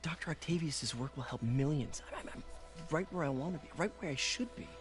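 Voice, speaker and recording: A man's voice: on the high side, lively intonation, brisk, music in the background, close to an everyday voice. A man playing an awkward young scientist. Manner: fumbling, hesitant.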